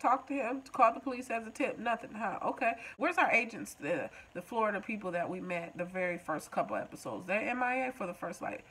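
A woman's voice: medium pitch, fairly bright tone, low-quality recording. A woman recapping a TV episode in a casual, joking way, talking back to the show. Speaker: TV recap vlogger.

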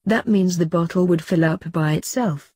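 A snappy young witch, voiced by a woman reader speaks with quick irritation. The voice is low and mellow, recorded dry and close. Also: slightly rough, no echo. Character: snappy, sharp-tongued young girl witch.

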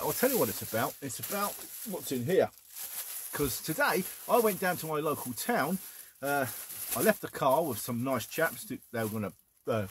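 A man's voice: medium pitch, a little hiss or hum. A man, chatting casually and enthusiastically as he shows off his finds to the camera. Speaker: record collector vlogger. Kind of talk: casual chat.

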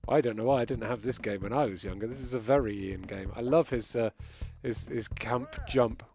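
A man's voice: medium pitch, a little fast, darkish tone. A man giving live, amused commentary while he plays a retro game and reads chat. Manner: chatty, amused, reacting as he plays. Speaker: game streamer.

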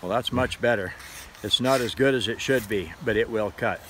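A man's voice: on the low side, normal speed, fairly bright tone, slight background noise, low-quality recording. A man casually demonstrating and selling a folding credit card knife, rambling in a chatty way and laughing at his own fumbles. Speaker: knife seller demonstrating a product. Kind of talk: casual product demo vlog.

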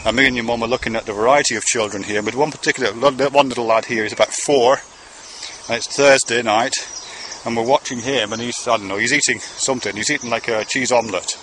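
Bright-voiced man rambling to camera. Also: mid-range voice, steady tone, fast, slight background noise. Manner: conversational, meandering, swearing casually. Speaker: father speaking to his son.

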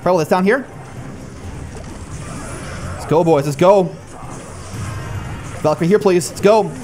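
A young man giving excited live commentary on his own gameplay, talking to his cards and his viewers and calling himself a nub. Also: high voice, measured pace. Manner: excitable, talks to the cards and the viewers, self-mocking. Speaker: gaming YouTuber. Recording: faint music bed behind the voice.

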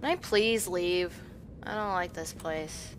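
A woman commentating while she plays a horror game, jumpy and swinging between hushed muttering and panicked yelling. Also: on the low side, takes it slowly, slight background noise. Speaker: gaming video creator.

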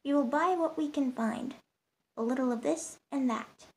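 Woman reading as a sober patient farm dad, calm and measured. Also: sits high. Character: sober patient farmer father.

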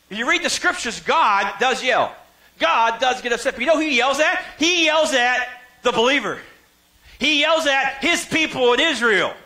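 High, bright-voiced preacher man. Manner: conversational, call-and-response questions to the congregation; self-deprecating humor, frequent stammered restarts. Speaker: pastor. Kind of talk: sermon. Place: church sanctuary.

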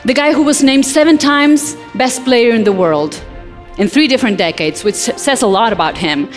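A woman from Argentina, giving a lively motivational talk on stage and addressing the audience directly. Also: on the high side, moderate pace, faint music behind. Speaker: motivational speaker. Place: large hall on stage.

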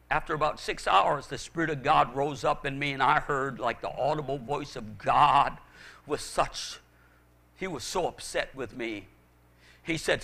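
An older man, a pastor, preaching an impassioned sermon that swings from shouted calls to quiet, hushed confession. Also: a little high, expressive, normal speed.

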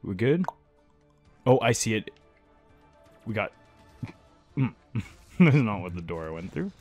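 A man's voice: on the low side, very animated, slow pace, a little mellow, soft background music. Young man mumbling gameplay banter. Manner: jokey banter, trailing off into mumbles. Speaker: let's play host. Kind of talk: casual gameplay commentary.

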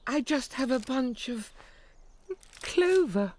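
A woman's voice: sits high, animated, takes it slowly, a little mellow, pitched above the performer's own voice, exaggerated voice. A woman voicing a meek little rabbit, speaking apologetically.

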